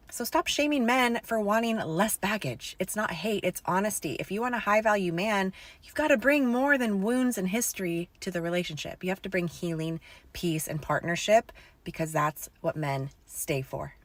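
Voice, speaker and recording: A woman's voice: medium pitch, normal speed, no echo. A woman giving a matter-of-fact, lecturing opinion monologue.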